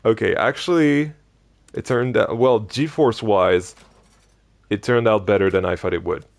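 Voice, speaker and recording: A man streaming a game, chatting casually and rambling with many hesitations, his voice going a little hoarse. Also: fairly low pitch, measured pace. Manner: rambling, hesitant, hums tunes softly. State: losing his voice. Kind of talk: casual live-stream chat while playing.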